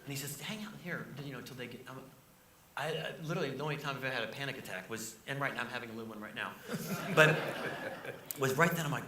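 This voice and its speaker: A male comedian telling stories in a casual interview, animated and jokey. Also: medium pitch, quick pace. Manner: animated, jokey, acts out voices. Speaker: comedian guest. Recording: roomy, distant mic, noisy.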